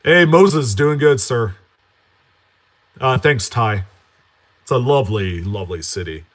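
A man hosting a coin collecting channel in a casual live-stream chat, greeting viewers by name and answering them in a relaxed, rambling way. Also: medium pitch, measured pace. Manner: chatty, reads out and answers viewer names; relaxed, with frequent fillers and self-corrections.

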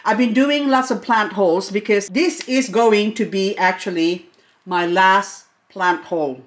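A middle-aged woman vlogging an unboxing in a loose, casual chat. She is excitable and gushing, and now and then she talks straight to the plants. Her voice sits at an everyday middle pitch. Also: unhurried. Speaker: succulent vlogger.

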